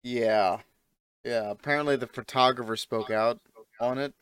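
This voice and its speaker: A man's voice: mid-range voice, moderate pace, a bit bright, clear, resonant tone, dry recording. A man co-hosting a podcast in casual chat, blunt and indignant. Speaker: podcast co-host.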